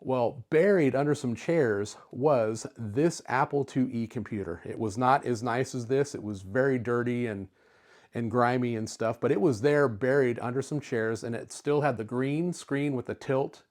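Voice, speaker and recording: Brief: a man in his fifties, chatty tech vlogger, mid-pitched, relaxed storyteller. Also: moderate pace. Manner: chatty, easygoing, with filler words. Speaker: retro computer YouTuber. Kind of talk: casual storytelling to camera.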